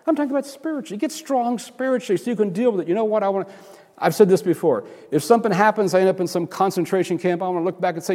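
A man preaching a sermon in a conversational, rambling way, full of restarts and asides, his voice climbing high and animated whenever he acts out what other people say. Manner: rises high and animated when acting out quotes. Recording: long hall reverb.

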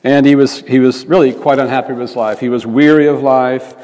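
Man, preacher telling a sermon story, earnest, mid-pitched voice, long hall echo. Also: steady tone, a little fast, darkish tone. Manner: earnest, restarts phrases while telling the story. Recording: reverberant hall.

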